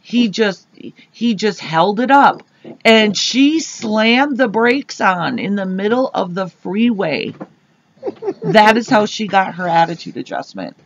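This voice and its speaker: A woman co-hosting a podcast, telling an animated, rambling story full of fillers on a dull lo-fi recording. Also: mid-range voice, slow pace, a little hiss or hum. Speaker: podcast co-host. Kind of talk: casual storytelling chat. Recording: dull lo-fi sound.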